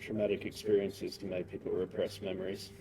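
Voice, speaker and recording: A man playing a tabletop game in character, bargaining in a dry, smooth-talking way. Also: deep voice, flat delivery, fairly quick, warm tone, slight background noise, rough recording. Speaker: player.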